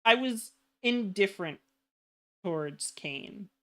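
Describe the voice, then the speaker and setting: A woman's voice: medium pitch, expressive, takes it slowly, bright, forceful tone. A woman guest chatting casually on a game stream, hesitant with many ums.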